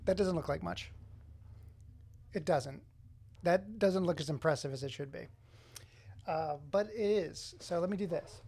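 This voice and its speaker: A man's voice: on the high side, vocal fry, darkish tone, a little hiss or hum. A man hosting a casual live stream, chatting to viewers and greeting them by name. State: runny nose. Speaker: livestreamer.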